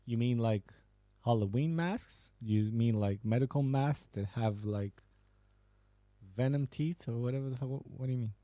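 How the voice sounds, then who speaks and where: Laid-back man with a mellow voice. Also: medium pitch, moderate pace, no echo. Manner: laughing, profane, banter. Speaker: podcast host. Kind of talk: casual chat reading viewer messages.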